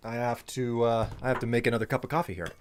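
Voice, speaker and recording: A man's voice: mid-range voice, steady tone, fast talker, slight background noise. A man streaming a video game live, chatting playfully with viewers and talking to himself as he plays. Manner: chatty, playful, talks to himself while playing. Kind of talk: casual live-stream gameplay commentary.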